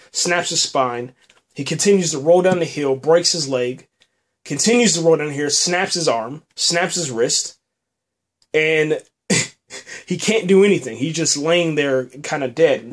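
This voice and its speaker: A man hosting a podcast, recapping a TV episode in a loose, rambling way, full of fillers and repeated words. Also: mid-range voice. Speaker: podcast host reviewing a TV episode. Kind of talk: casual spoken review.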